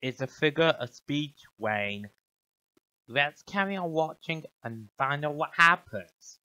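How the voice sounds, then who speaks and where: A guy doing calm nerdy twin boy. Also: on the high side, slow pace, dull audio, a little hiss or hum, full character voice. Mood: explaining.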